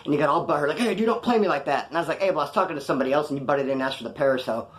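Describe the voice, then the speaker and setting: A man's voice: medium pitch, steady tone, very fast. A man casually telling prison stories to camera in a rambling, slangy way, acting out quoted dialogue.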